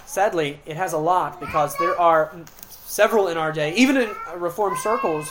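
A woman preacher delivering a sermon, slowing down to stress key words and swinging between loud emphasis and quiet, hushed passages. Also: lowish voice, a little hiss or hum.

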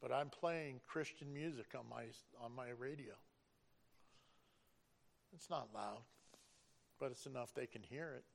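A man's voice: medium pitch, a little slow, vocal fry, long pauses. A middle-aged man giving an earnest, preacherly personal testimony about driving a school bus.

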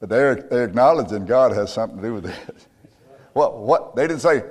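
A man preaching a sermon as pastor, emphatic and building to loud peaks. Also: mid-range voice, expressive, fairly quick, in a large hall. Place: church.

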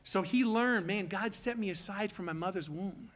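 A middle-aged pastor preaching a sermon, animated and explaining Hebrew words along the way. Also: male voice, sits high, moderate pace.

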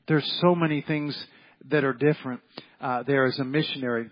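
Man, pastor, sermon, folksy, repetitive, slightly husky, dull lo-fi recording. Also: mid-range voice, steady tone, fairly quick. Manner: folksy, repetitive, acts out quoted voices. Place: church sanctuary.

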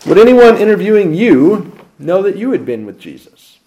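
A man preaching a sermon as pastor, asking rhetorical questions and swinging between loud emphasis and quiet asides. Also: high-pitched, sing-song, moderate pace, muffled recording.

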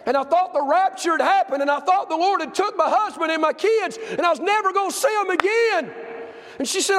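Fiery high-voiced preacher, echoing hall. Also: male voice, expressive, fairly quick. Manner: impassioned storytelling, swinging from shouts to hushed tones. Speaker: pastor. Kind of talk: sermon. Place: church sanctuary. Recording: long hall reverb.

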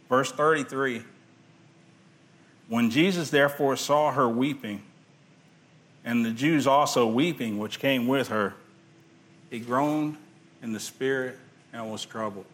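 A man preaching a sermon, swinging between loud emphasis and hushed, quiet passages, reading scripture aloud in old-fashioned wording. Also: medium pitch, slow pace, long pauses. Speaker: pastor.

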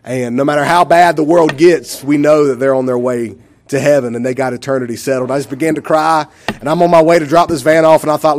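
A man's voice: on the high side, fairly even intonation, quick pace, darkish tone. A man, telling a church testimony in a rambling, emotional way with many fillers. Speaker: church member giving a testimony.

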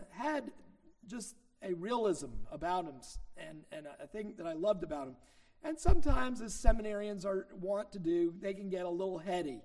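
A man's voice: high voice, darkish tone. A middle-aged man preaching a sermon as a minister, teaching in a conversational way with anecdotes and leaning hard on key points.

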